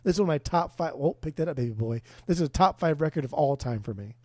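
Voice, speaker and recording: A man co-hosting a casual music podcast, loud, profane and rambling with enthusiasm, a few beers in. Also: on the high side, lively intonation, fast talker. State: tipsy from beers. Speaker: podcast co-host.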